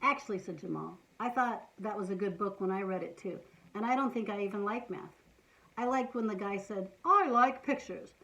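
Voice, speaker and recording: A woman reading a children's picture book aloud, playful and animated, with asides to young listeners. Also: mid-range voice, normal speed, low-quality recording. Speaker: storytime reader.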